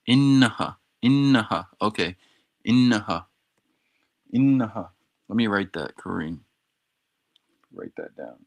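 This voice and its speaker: On a casual livestream, a man with a medium-pitched, gravelly, slightly bright voice practices Arabic words. He repeats them again and again in a slangy, playful manner as he learns.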